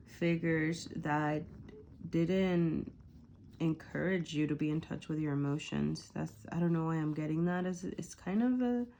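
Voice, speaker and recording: A woman's voice: low-pitched, creaky, mellow. A woman giving a casual tarot reading. She rambles and hesitates, fills her talk with fillers and rhetorical "right?", and often corrects herself and apologizes. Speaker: tarot reader.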